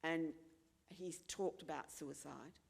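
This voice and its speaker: Her voice is low, slow and gravelly, with a breathy edge, fairly even intonation, and a long reverb tail. The Australian woman talks candidly and earnestly about personal matters at a forum, repeating phrases for emphasis and acting out other people's voices when she quotes them.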